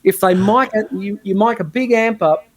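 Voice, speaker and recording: A man talking as a guitarist guest in a casual podcast chat, an animated storyteller who mimics other players. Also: high voice, moderate pace.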